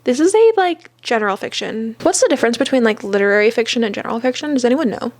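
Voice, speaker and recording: A young woman talks through a casual book review at home in a slightly high, bright voice. Her delivery is wry and chatty, full of easy fillers. The sound is close and dry, with no room echo. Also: animated, fast. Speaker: book vlogger.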